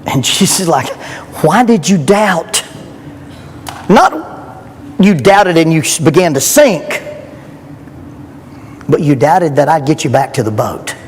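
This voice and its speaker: At a church youth rally, a middle-aged man with a slightly high voice preaches in an animated but unhurried way, pausing often. He sounds earnest and emphatic and asks rhetorical questions, with long church-hall reverb and faint background noise.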